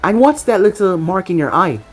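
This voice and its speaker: A defiant, foul-mouthed young female fighter, voiced by a woman reading the story. She talks loud and blunt, her pitch swinging freely. Faint music plays behind her. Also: big pitch swings, normal speed, slightly rough. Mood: brash.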